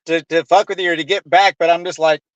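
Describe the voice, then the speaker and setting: A man speaks in a notably high voice, recorded dry and close. He chats casually, often stumbling and repeating words, and laughs along. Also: steady tone, fast, dry recording, lo-fi sound. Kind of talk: casual storytelling chat.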